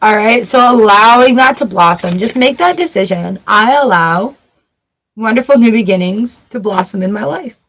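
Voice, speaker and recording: A woman's voice: a little high, moderate pace, fairly bright tone, rough recording. A middle-aged woman hosting a casual live tarot reading, chatty and given to giggling as she talks to viewers. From Canada. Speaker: tarot reader livestream host.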